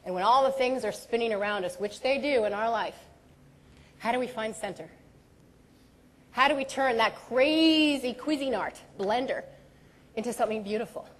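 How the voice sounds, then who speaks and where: Woman, 40s, humorous keynote speaker: theatrical, a touch high, hall reverb. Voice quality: animated and theatrical, quick bursts and dramatic pauses. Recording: long reverb of a large hall.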